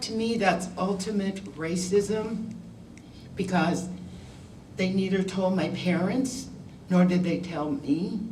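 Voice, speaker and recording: Older woman telling her story, slow and roomy. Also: on the low side, darkish tone, slight background noise. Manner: candid, wry, conversational storytelling. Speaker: guest speaker. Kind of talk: storytelling talk to students. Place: school classroom. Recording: roomy sound from a distant mic.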